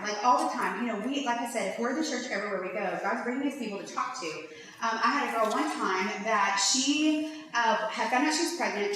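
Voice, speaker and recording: A woman giving an animated, chatty faith-based conference talk, full of "like"s. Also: a little high. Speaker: conference speaker. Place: large lecture hall. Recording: echoey hall from far off, faint hiss.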